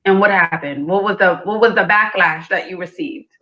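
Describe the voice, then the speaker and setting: A woman hosting a dating show, calmly probing a caller with pointed questions. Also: lowish voice, moderate pace, highs cut off. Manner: calm, probing, pushes for logic.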